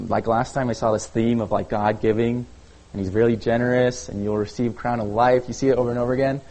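A man preaching a sermon in a relaxed, conversational way, often checking in with "okay?" and using "like". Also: mid-range voice, fairly quick, low-quality recording. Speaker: pastor.

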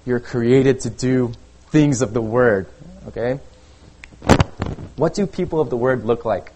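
A man preaching a sermon in a relaxed, conversational way, often checking in with "okay?" and using "like". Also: mid-range voice, unhurried, noisy background. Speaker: pastor.

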